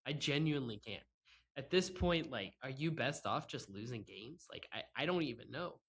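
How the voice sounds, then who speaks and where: A man's voice: medium pitch, lively intonation, moderate pace, fairly bright tone, breathy edge. A man hosting a solo sports podcast, ranting sarcastically and in exasperation, often breaking into laughs while talking into a laptop microphone. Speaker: podcast host. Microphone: microphone with laptop and camera.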